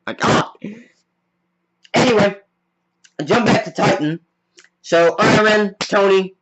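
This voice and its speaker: A man excitedly recapping a film scene by scene in a casual, rambling way, full of "like". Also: sits high, slow, pauses often, slight background noise, rough recording. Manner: rambling, heavy on "like" fillers; excitable fan. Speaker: movie reviewer.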